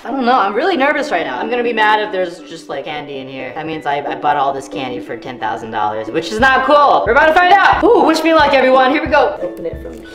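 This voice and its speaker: Casual female vlogger, animated delivery, echoey room, background music. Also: mid-range voice, fast, hardly any pauses. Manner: excitable, swings between whiny disappointment and squealing excitement. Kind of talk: casual unboxing vlog.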